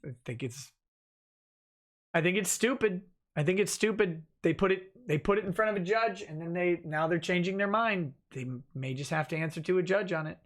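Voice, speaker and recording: A man's voice: high voice, brisk, hardly any pauses, fairly bright tone. A man hosting a livestream, reading viewer comments aloud and answering them casually with restarts and chuckles. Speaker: livestream host reading chat.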